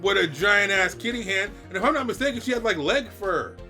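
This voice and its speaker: A middle-aged man, a dad, chatting casually about an anime he watched, animated and acting out scenes in silly voices. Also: high voice, fairly quick, over music. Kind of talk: casual reaction chat.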